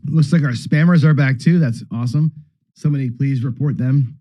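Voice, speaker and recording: A man hosting a live gambling charity stream, rambling casually and clearing his throat as he talks. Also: mid-range voice, a little fast, warm tone, dry recording. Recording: dull, dry lo-fi stream audio.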